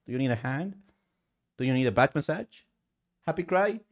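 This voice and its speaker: A male streamer chatting emotionally and excitably while gaming, with sudden high outbursts. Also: brisk, lo-fi sound. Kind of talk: casual live-stream chat while gaming.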